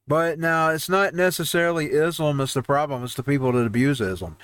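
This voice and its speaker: A man's voice: medium pitch, brisk, dry recording. A man hosting a home-made show, ranting over news headlines in a heated, rambling way with frequent restarts. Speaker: host. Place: home newsroom studio.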